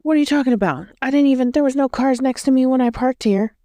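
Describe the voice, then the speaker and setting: A woman putting on the voice of a rude, defensive woman stranger, indignant and raised in pitch. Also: quick pace, mellow, dry recording, clean studio sound, natural voice.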